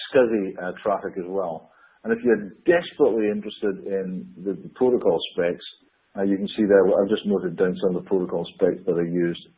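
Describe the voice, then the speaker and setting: A man's voice: fairly low pitch, husky. A man presenting a technical webcast lecture in an informal way with dry humor and the odd stumble over his words, heard over a narrow, phone-like line.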